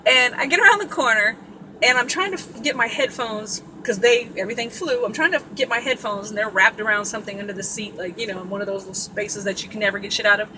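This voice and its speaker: A woman's voice: mid-range voice, fast, noisy background. A woman from Sacramento telling a story in a casual, blunt and profane way, full of asides. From Sacramento, California. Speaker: vlogger.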